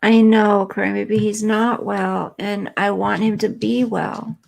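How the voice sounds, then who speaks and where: A woman's voice: mid-range voice, little pitch movement, measured pace, vocal fry, darkish tone. A woman hosting a live stream, chatting earnestly and emotionally with viewers and reading their comments.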